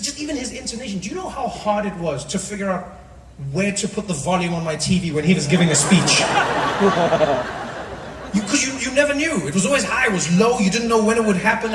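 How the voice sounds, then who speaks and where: Animated high-voiced male comedian on stage. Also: brisk, recorded from a distance, background noise. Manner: animated, mocking, acts out voices. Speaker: stand-up comedian. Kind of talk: stand-up comedy set. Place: large live venue. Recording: live show, echoey hall, loud crowd.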